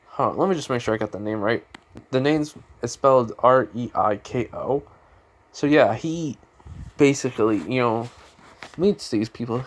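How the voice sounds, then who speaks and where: In a home room, a young man with a medium-pitched voice at a moderate pace retells a fan story off the cuff. His casual, improvised storytelling rambles, full of fillers and restarts.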